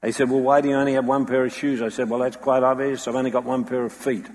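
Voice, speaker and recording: A man's voice: medium pitch, level tone, fast, a little mellow. A man preaching a sermon with dramatic storytelling, acting out the voices he quotes. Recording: long hall reverb.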